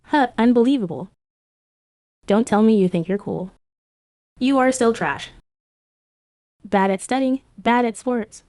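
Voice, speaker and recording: Female narrator, manhwa recap voice-over, mid-pitched, dry close mic, reads all the parts herself. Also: warm tone, no echo.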